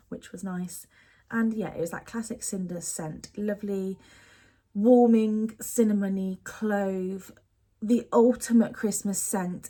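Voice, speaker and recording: A woman's voice: mid-range voice, a little mellow. A young woman, chatting casually and gushing to camera about beauty products she misses. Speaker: beauty vlogger.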